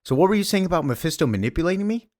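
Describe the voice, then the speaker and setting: A man voicing Thanos as a vain, blunt, easily flattered titan in a comic retelling. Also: mid-range voice, moderate pace, a little hiss or hum, close to an everyday voice. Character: vain all-powerful male titan Thanos.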